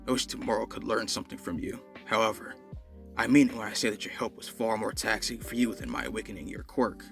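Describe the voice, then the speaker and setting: Scheming villain mastermind, low voice, smooth and formal, as a man puts him on. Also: quick pace, fairly bright tone, soft background music. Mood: courteous.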